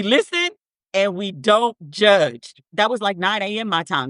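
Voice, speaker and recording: A woman's voice: mid-range voice, big pitch swings, unhurried, a bit bright, no echo. A woman hosting a podcast in blunt, profane commentary, repeating words for emphasis as she reads statements aloud. Her voice sits in the middle of the range. The sound is dry and close, with no room around it. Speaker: podcast host. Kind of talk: casual commentary.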